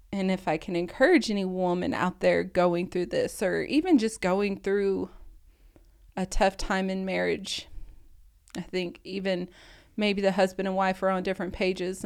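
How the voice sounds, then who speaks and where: A woman's voice: medium pitch, gravelly, a little mellow. A woman in her thirties, a podcast co-host, sharing a painful personal story in a tearful, scattered way, often laughing through the tears. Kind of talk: emotional personal testimony.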